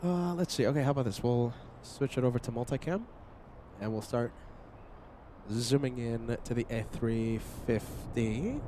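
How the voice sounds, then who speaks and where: A man's voice: mid-range voice, moderate pace, dark tone, a little hiss or hum. A man hosting a live plane-spotting stream, chatting with viewers by name while he is sick. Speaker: livestream host.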